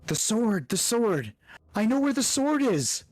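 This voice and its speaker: A man doing a shrill, giddy little creature girl. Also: unhurried, dry recording. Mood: ecstatic. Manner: shrill, breathless excitement. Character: small excited female celestial creature.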